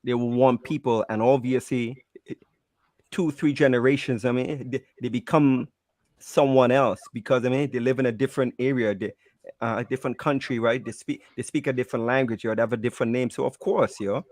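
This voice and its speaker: A man chatting casually on a stream, relaxed and dropping in "yo" and "I mean" as he makes his point. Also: mid-range voice, a little fast, no room sound. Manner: relaxed, peppers speech with "yo" and "I mean". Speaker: panelist.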